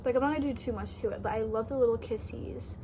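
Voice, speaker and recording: A woman's voice: on the high side, fast, warm tone, slight background noise, low-quality recording. A young woman from Canada chatting casually in a haul vlog, bubbly and gushing, full of "like" fillers. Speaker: thrift haul vlogger.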